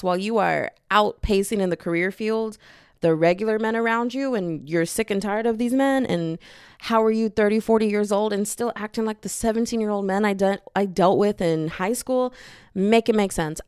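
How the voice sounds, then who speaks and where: A woman's voice: medium pitch, a little mellow, clean tone, no room sound, studio quality. A young woman hosting a podcast, talking casually in a slangy, chatty way and acting out the people she quotes. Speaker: podcast host. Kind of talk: casual commentary monologue.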